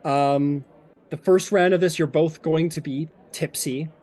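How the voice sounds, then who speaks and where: A man's voice: fairly high pitch, unhurried. Casual male game master. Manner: casual, animated, filler-heavy. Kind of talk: narrating a tabletop game.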